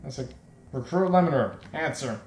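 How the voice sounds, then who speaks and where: A man's voice: mid-range voice, animated, moderate pace, darkish tone, natural voice. A man voicing a harsh male drill instructor who barks insulting orders at recruits. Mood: barking. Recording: echoey room with faint noise.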